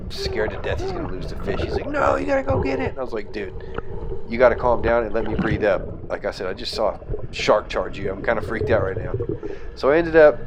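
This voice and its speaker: Young male vlogger, low-ish voice, loose chatty voice-over, steady background noise. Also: muffled recording. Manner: relaxed storytelling with fillers, excited in tense parts. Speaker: vlogger narrating his fishing footage. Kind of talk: casual voice-over narration.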